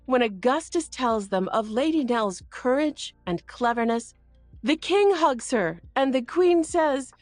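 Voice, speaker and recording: A woman reading a children's picture book aloud in an expressive way. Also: dry recording, soft background music. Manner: expressive and slow, very lively pitch. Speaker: read-aloud narrator.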